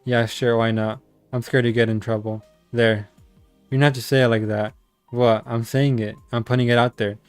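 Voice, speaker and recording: Man playing a young woman who is sarcastic, blunt and quick to mock herself, voiced for a visual novel. Her tone stays even and fairly flat, with little pitch movement. The sound is dry and close, with faint music underneath. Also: smooth, no echo, natural voice. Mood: defensive. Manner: sharp, sarcastic and exasperated. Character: young woman, defensive, blunt and self-mocking.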